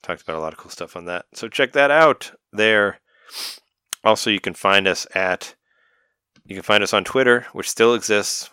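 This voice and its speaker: A man hosting a podcast, wrapping up the episode in a relaxed, chatty way and laughing at himself. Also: deep voice, smooth, no room sound, clean studio sound. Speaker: podcast host. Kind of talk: casual podcast outro.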